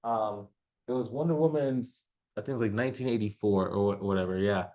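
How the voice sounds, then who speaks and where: A man's voice: fairly low pitch, a little fast, muffled recording. A man coaching business owners in a loose, conversational way, with many fillers and restarts. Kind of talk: casual advice talk to camera.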